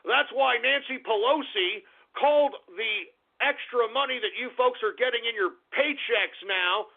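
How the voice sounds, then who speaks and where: A man hosting a talk radio show, ranting crudely and insulting his critics, sometimes shouting. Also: extremely high pitch, a little slow, vocal fry. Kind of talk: angry talk radio rant. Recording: tinny phone-like lo-fi radio.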